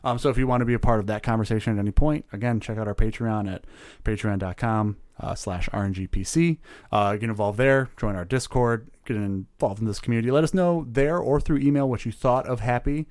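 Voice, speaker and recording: Brief: man co-host, fast and rambling, casual chat, dry studio sound. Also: mid-range voice, a little mellow, dry recording. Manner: rambling, lots of "like" and restarts, laughs easily. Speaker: podcast co-host.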